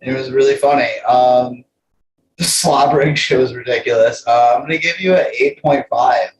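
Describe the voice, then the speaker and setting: A man's voice: medium pitch, normal speed. A man judging a comedy competition over a video call, giving loose, enthusiastic praise with plenty of fillers. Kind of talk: casual judging feedback. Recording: echoey room on a video call with faint hiss.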